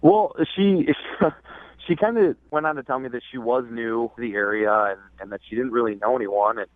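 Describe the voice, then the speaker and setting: A man's voice: mid-range voice, moderate pace, no room sound. A man calling in to a radio show, telling his story hesitantly with many fillers and restarts. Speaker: caller. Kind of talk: phone call to a radio show. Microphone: phone. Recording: phone line, dry.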